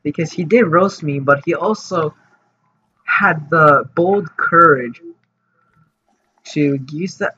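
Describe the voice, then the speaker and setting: A man's voice: on the high side, takes it slowly, pauses often, bright, forceful tone, breathy edge. A man telling a story for his vlog in a casual, rambling way, full of fillers and restarts. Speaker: vlogger. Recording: dull lo-fi audio with faint noise.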